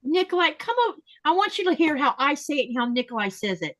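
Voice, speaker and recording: A woman hosting a casual podcast chat, talking easily and slowing down to spell out how words are said. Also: high-pitched, very animated, dry recording. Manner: chatty, explains pronunciation slowly and repeats words. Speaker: podcast host.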